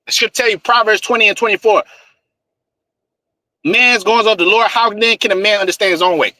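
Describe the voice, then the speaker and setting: A man's voice: high-pitched, a little fast, bright, forceful tone, no room sound, poor audio. A man preaching scripture in a fiery, profane style, with emphatic repetition and "man" tagged on nearly every line. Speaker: street preacher.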